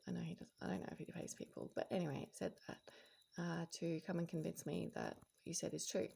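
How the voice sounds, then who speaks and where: Low, gravelly woman rambling reflectively. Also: steady tone, moderate pace, darkish tone, slight background noise. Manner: rambling and reflective, many fillers and restarts. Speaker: spiritual vlogger. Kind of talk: casual late-night monologue.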